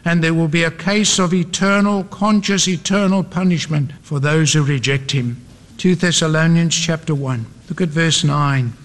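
A man's voice: high voice, fairly bright tone. A man preaching a sermon, building up his points with dramatic repeated refrains. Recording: long hall reverb.

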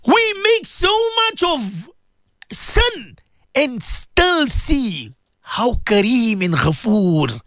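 Male radio host-cleric, impassioned and pleading, very animated pitch, dry studio mic. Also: very slow, no echo. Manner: impassioned, pleading, repeats words. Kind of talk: emotional radio devotional talk.

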